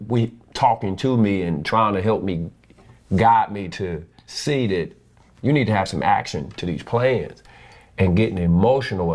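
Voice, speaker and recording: Deep-voiced man telling a candid story. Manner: earnest, animated, quotes people in changed voices. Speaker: husband sharing his story.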